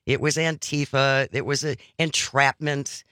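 A man hosts a talk radio show, chatting casually but earnestly and working through his argument step by step. His voice has a bright, forceful edge. The studio sound is dry and close. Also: medium pitch, fairly even intonation, measured pace, smooth, dry recording. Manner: conversational, earnest, argues point by point.

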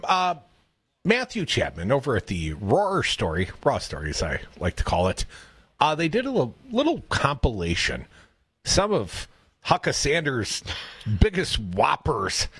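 A man with a husky, medium-pitched voice co-hosts a radio talk show, trading sardonic jokes in political banter. He's animated and jokey, speaking into a studio microphone with no echo.

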